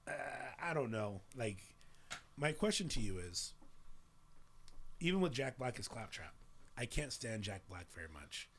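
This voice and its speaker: A man's voice: mid-range voice, very animated, unhurried, long pauses, a bit bright, a little hiss or hum. A man in his thirties hosting a podcast, chatting casually and animatedly, swearing freely and acting out voices as he retells scenes. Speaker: podcast host. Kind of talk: casual chat.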